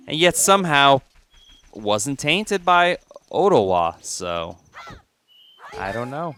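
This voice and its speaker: A man's voice: mid-range voice, very animated, slow, long pauses, fairly bright tone, soft background music. A man giving casual, jokey gameplay commentary as a let's play host, chatting to the game as he plays.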